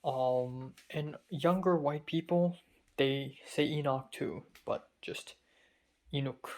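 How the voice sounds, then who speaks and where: Slow, hesitant young man, rambling. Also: a little high, a little mellow. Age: young adult. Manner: rambling and hesitant, full of fillers. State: feverish and dizzy. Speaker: college student. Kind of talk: casual spoken diary.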